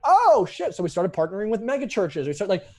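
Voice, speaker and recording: Fast-talking young man, profane and rambling. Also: high voice, lively intonation, dark tone. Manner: rapid, profane, rambling with restarts. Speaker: entrepreneur guest. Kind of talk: casual podcast interview.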